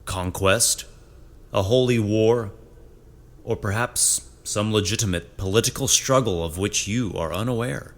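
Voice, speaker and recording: A man narrating a tabletop adventure as game master in a measured storytelling manner. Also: on the low side.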